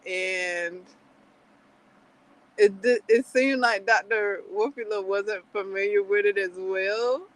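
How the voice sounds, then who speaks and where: A woman chatting on her livestream at an unhurried, drawn-out pace. She giggles often and rambles through many fillers and restarts, with a mid-range voice. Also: mid-range voice, poor audio. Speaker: livestream host. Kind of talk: casual chat.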